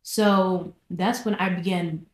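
A young woman casually telling her personal testimony, animated and repeating phrases for emphasis. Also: fairly low pitch, takes it slowly. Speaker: vlogger sharing her testimony. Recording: echoey room.

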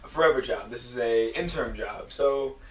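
A man co-hosts a casual podcast and lays out his argument with care. His voice has a middle pitch. He is heard from away from the mic, in a room with a noticeable echo. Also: moderate pace, fairly bright tone, distant mic. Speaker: podcast co-host. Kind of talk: casual chat.

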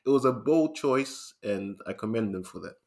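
A man talking films in a relaxed, chatty way, often breaking into laughs. His voice sits in an ordinary middle pitch. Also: moderate pace, creaky. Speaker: podcast co-host. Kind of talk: casual chat.

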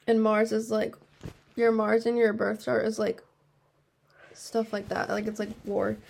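A young woman in casual chat, blunt and quick to swear. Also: mid-range voice, monotone, vocal fry, a little mellow. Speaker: quiz partner.

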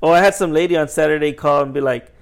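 A man's voice: steady tone, fast, slight background noise. A young man in casual chat, telling jokey stories about his work as a store manager and putting on customers' voices. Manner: jokey storyteller, acts out customers with high voices.

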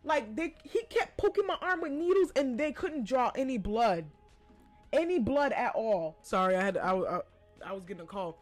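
A young woman hosting a podcast, casually telling a personal story with lots of animated asides and quoted voices. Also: on the high side, moderate pace, faint music behind. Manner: chatty, animated retelling with quoted voices and laughs. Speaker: podcast host.

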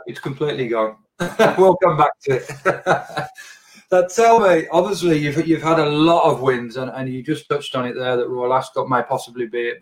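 A man interviewing a guest, asking long, halting questions with restarts. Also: fairly high pitch, low-quality recording.

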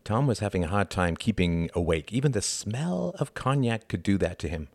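A man narrates a novel in measured, even storytelling. His voice sits fairly low, and the recording is dry and close with no room sound. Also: vocal fry, no echo. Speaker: audiobook narrator. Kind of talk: scripted narration.

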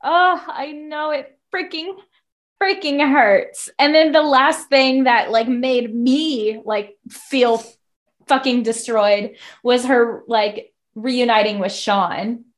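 A woman's voice: on the high side, steady tone, takes it slowly. Gushing, swearing woman chatting about a book. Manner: gushing, swears freely, lots of "like" fillers. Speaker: podcast co-host. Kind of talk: casual book-club chat.

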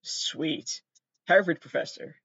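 A man's voice: slow, fairly bright tone, no echo, muffled recording. A young man from Massachusetts hosting a podcast, rambling through casual commentary with swearing and self-mocking asides. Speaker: podcast host.

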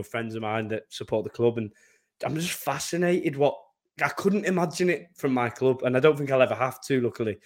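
A young man co-hosting a podcast, rambling through his thoughts and laughing often at himself. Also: medium pitch. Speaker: podcast co-host. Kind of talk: casual chat.

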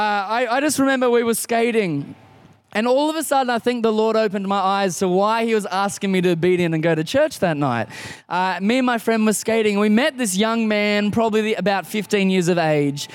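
A young adult man with an Australian accent preaching a sermon, telling a personal story in a conversational way with quick asides. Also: sits high, smooth, no echo. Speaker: pastor. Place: church service.

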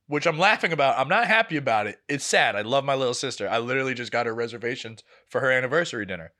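A young man co-hosting a podcast, chatting casually and telling an animated story, acting out the people he quotes. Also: medium pitch, very fast. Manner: animated storytelling, acts out quoted family members. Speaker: podcast co-host. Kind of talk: casual chat.

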